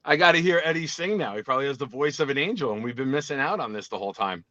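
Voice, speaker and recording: Guy calling in, really animated, pitch jumps all over, kinda muffled lo-fi line. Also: rapid-fire, no room sound. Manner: animated, excitable storyteller. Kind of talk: casual call-in chat.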